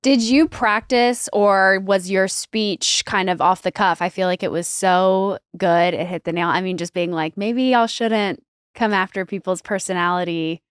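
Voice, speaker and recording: A woman podcast guest with a smooth voice at a middle pitch. Her sound is dry and close. She chimes in with sympathy and interest. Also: steady tone, unhurried, no echo. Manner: sympathetic, engaged. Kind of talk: casual chat.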